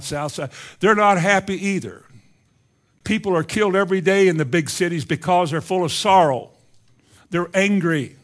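A man preaching from the pulpit, his voice sitting slightly higher than most men's. He swings between loud, emphatic lines and hushed, low asides, lingering on certain words as he builds his point. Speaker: pastor. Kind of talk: sermon.

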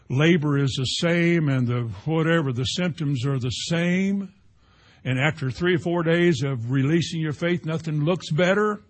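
A man preaches in a husky, somewhat high voice. He talks to the congregation in a conversational way, swinging between emphatic lines and hushed ones. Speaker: pastor. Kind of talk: sermon.

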